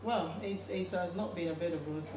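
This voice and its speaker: A woman's voice: on the low side, moderate pace. A woman in her forties from Nigeria with a Nigerian accent, a guest telling her story in a casual interview, reflective, restarting her sentences often. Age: 40s. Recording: echoey room with background noise.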